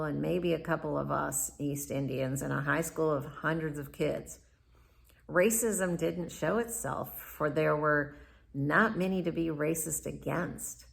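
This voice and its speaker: A woman's voice: low-pitched, vocal fry, a bit bright. A woman reading her own memoir aloud, in first-person narration, in a reflective and candid manner. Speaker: memoir author.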